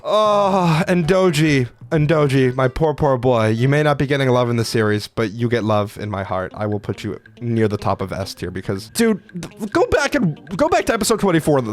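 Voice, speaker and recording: Profane, excitable young man ranking characters. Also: medium pitch. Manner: profane, excitable, lots of "like" fillers. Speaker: anime video creator. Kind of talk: casual commentary ranking characters.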